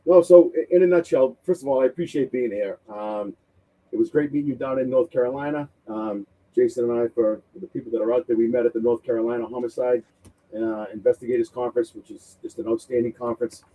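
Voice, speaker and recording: A man in his fifties with a Boston accent, a retired police officer guest telling his story in a relaxed, chatty, self-deprecating way. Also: medium pitch, fast, poor audio. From Massachusetts. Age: 50s. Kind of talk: interview storytelling.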